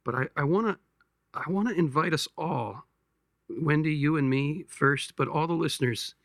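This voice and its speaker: A man hosting a podcast, giving a slow pastoral reflection, gentle and halting, often repeating words as he searches for them. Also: on the high side, dry recording, clean studio sound. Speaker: podcast host.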